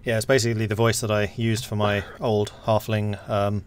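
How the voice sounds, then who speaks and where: A man running a tabletop game, chatting casually with his players and explaining things with pauses and fillers. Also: fairly low pitch, flat delivery, smooth. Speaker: game master. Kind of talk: casual chat between tabletop game sessions.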